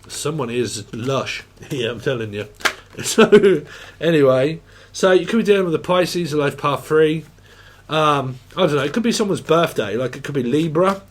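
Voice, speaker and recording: A man's voice: medium pitch, normal speed, a bit bright. A man giving a casual tarot reading, rambling, crude and jokey, often laughing. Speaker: tarot reader.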